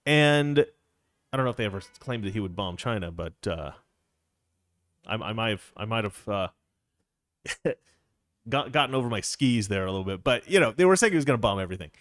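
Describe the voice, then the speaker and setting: A man's voice: lowish voice, lively intonation, fairly quick, pauses often, fairly bright tone, no room sound, studio quality. Rambling man hosting political talk. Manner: rambling, self-interrupting, wry. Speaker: political commentary host. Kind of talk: casual political talk show.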